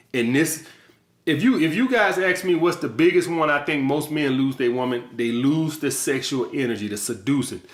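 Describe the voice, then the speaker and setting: This is a mid-pitched man who coaches on dating in a blunt, profane, casual monologue, hammering each point through repetition. His voice rings in a reverberant room. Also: fairly bright tone. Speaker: dating coach and channel host. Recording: echoey room.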